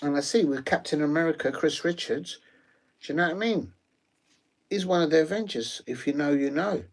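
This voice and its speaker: A man doing rambling, jokey live commentary on a football match, with slangy asides and sudden excited shouts. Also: fairly high pitch, fairly quick. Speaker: watch-along streamer. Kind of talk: live watch-along commentary.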